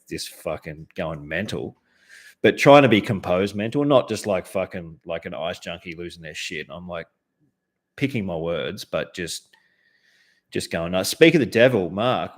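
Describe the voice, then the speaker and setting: An Australian man hosting a show, telling a heated story in a casual, profane way, with lots of fillers and restarts. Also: sits low. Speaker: host.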